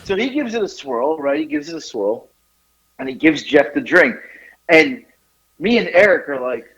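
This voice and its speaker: A man telling a funny story on a podcast, animated and often laughing at his own tale. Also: a little high, moderate pace, muffled recording. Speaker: podcast co-host. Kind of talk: casual storytelling chat.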